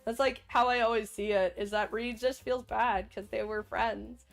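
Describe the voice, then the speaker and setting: A young woman hosts her livestream in casual, rambling chat. Her voice sits somewhat high and turns animated and giggly, while soft music plays in the background. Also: moderate pace, creaky. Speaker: livestream host.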